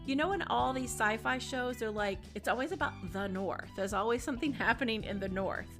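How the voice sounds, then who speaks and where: A bubbly woman hosts a podcast, talking in a casual, effusive way and laughing easily. Her voice sits a little high. Music plays clearly behind her. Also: fairly quick. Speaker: podcast host. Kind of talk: casual interview chat.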